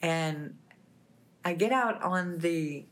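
Low-voiced woman telling a wild story. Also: extremely slow. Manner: animated, laughing, plainspoken retelling. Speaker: talk show guest. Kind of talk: lively storytelling with quoted dialogue.

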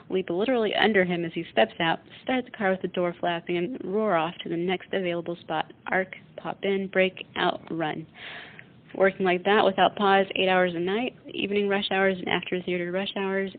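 A woman with a lowish voice reads a novel aloud, keeping her pitch flat and her delivery steady and measured. The sound is thin and phone-like, as on an old radio line. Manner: steady, even, measured reading. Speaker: radio show host reading aloud.

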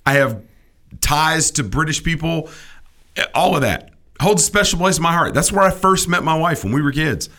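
A man's voice: fairly high pitch, animated, moderate pace, bright, forceful tone. A middle-aged man co-hosting a casual comedic chat, ranting with opinionated, mock-indignant energy. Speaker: podcast co-host.

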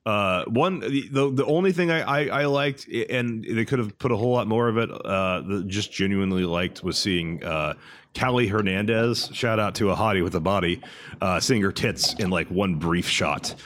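A man's voice: fairly low pitch, normal speed, a bit bright, no room sound. A man co-hosting a podcast, chatting casually about a film in a blunt, crude way and often restarting his words. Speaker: podcast co-host.

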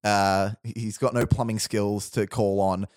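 A man's voice: on the low side, level tone, a little mellow, smooth, dry recording, studio quality. A man casually telling a long story on a podcast, rambling with restarts and laughs. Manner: rambling, restarts, laughs often, quick asides. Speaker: podcast host pitching a film idea.

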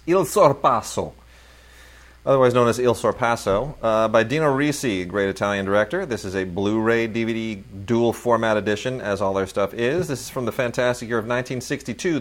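A man with a fairly low voice co-hosts a casual film podcast. He rambles with enthusiasm, piling on fillers and restarts as he praises each release. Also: a little fast, hardly any pauses, fairly bright tone. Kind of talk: casual chat about new film releases.

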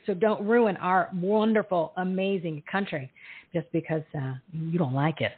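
A woman's voice: on the low side, a little fast, breathy edge. A woman hosting a talk show, chatting in a loose, opinionated way with many fillers. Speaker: host. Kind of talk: casual talk show monologue. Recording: tinny phone-like line.

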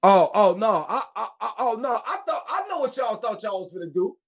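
High-voiced hyped male stream host. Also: fairly quick. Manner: hyped, excitable, heavy slang. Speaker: show host reacting to rap tracks. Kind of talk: casual live-stream chat.

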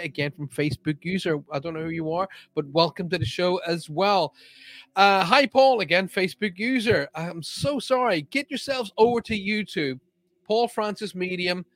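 A man's voice: sits high, a bit bright, dry recording. Chatty upbeat British man hosting live. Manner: chatty, upbeat, reads out viewer comments. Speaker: host of a live-streamed medium show. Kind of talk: casual live-stream chat with viewers.

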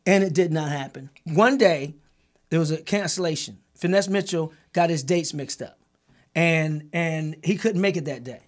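A man's voice: on the high side, moderate pace. A man who created and executive-produced a documentary, telling a heated story in a group conversation. He talks emphatically, repeats and restarts words, and swears freely.

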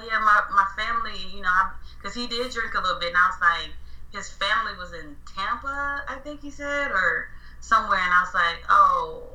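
A woman telling a personal story in casual chat, animated, often correcting herself and acting out the dialogue. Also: mid-range voice, echoey room, far from the mic, poor audio. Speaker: guest storyteller.

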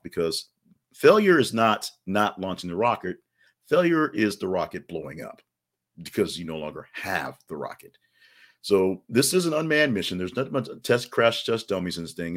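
A man hosting a podcast, giving casual news commentary with chatty, wry asides and frequent restarts. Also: sits low. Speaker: podcast host.

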